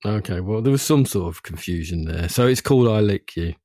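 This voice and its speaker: A man's voice: lowish voice, expressive, a little fast. A man, co-hosting a podcast in a rambling, good-humoured casual chat. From Derby, England. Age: 50s. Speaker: podcast co-host.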